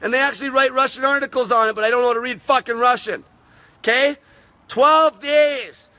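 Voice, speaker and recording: Guy with a high bright voice ranting + swearing nonstop on a live stream, getting raspy. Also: a little fast, no room sound. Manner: profane, aggressive ranting. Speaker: fasting channel host.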